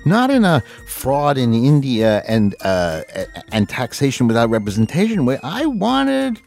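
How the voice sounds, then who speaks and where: Lively, wry male radio co-host. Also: mid-range voice, measured pace, creaky, soft background music. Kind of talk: casual radio chat.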